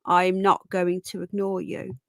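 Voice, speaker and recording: A woman's voice: fairly low pitch, completely flat delivery, unhurried, a bit bright, no echo, clean studio sound. A tired, yawning woman hosting a casual live stream, chatting and greeting viewers by name as darling and sweetheart. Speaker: livestream host.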